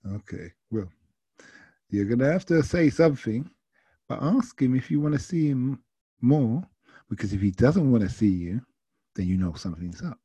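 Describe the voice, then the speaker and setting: Man, chatty taxi driver storyteller, dark husky voice, dry close sound. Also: mid-range voice, expressive, normal speed, long pauses, no room sound. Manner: chatty, anecdotal, quoting others. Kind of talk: casual storytelling.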